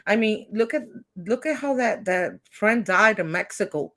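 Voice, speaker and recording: A woman on a livestream chat who talks in an animated, preachy and emphatic way, with a faint hiss of background noise. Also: medium pitch, moderate pace. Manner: animated, preachy and emphatic, says she feels hyper.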